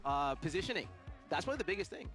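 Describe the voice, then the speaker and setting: A man's voice: a little high, very animated, rapid-fire, a bit bright, soft background music. A man with an Australian accent co-hosting a live game event stream, casual and playful, laughing often. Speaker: event co-host.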